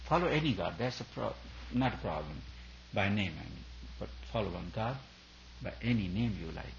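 With a lowish, fairly bright voice touched by vocal fry, a man delivers a sermon to a retreat audience, repeating himself emphatically in the role of spiritual teacher. There's slight background noise, and the recording is dull and lo-fi.

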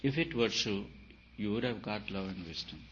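A man, a spiritual teacher, giving an emphatic talk full of rhetorical questions, swinging between loud and soft. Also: fairly low pitch, animated, moderate pace. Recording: dull lo-fi recording with faint hiss.

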